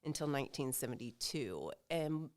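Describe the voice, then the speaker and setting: A woman with a bass voice and darkish tone appears as a guest on a casual podcast interview. An association officer, she explains her organization's work matter-of-factly, speaking expressively at normal speed.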